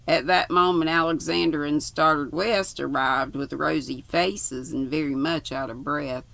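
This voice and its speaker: A woman's voice: low voice, fairly even intonation, a little slow, creaky, few pauses, a bit bright, dry recording. An older woman reads a novel aloud, stopping for folksy, chatty asides. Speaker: audiobook reader.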